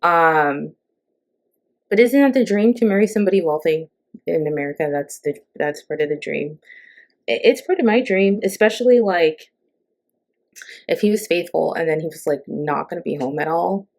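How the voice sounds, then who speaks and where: A woman's voice: sits low, normal speed. A middle-aged woman hosting a casual, sarcastic ranting monologue, chatty and full of fillers and asides. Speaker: host.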